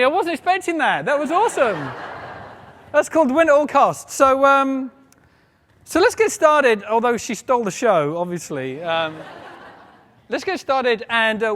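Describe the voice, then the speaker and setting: A man giving a conference keynote on a stage, animated and joking with the audience. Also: sits high, a little hiss or hum. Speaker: keynote speaker. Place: large conference hall stage. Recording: long reverb of a large hall.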